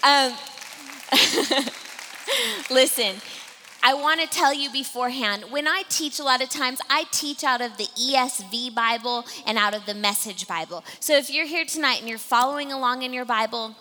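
A woman preaching a sermon to a live congregation, talking fast and addressing the listeners directly. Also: high voice, bright, forceful tone. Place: church hall with a live congregation. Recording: long hall reverb.

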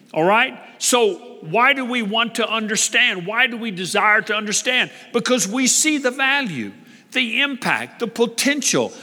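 A man's voice: sits high, pushed and bright. A middle-aged man preaching a sermon as pastor, emphatic, repeating key phrases and stretching out stressed words. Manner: emphatic, repeats phrases, drawn-out stresses, checks in with "all right?". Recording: long reverb of a large hall.

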